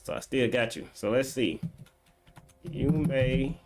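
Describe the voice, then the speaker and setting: A man streams a game, chatting casually in a medium-pitched, animated voice at a slow pace. He reads viewer comments aloud and banters with them, with background noise audible.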